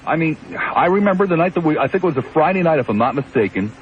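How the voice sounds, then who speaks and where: A man's voice: a little high, expressive, fast. A man hosting a call-in radio talk show, wry and rambling, teasing callers and his studio audience. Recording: dull AM radio broadcast with faint hiss.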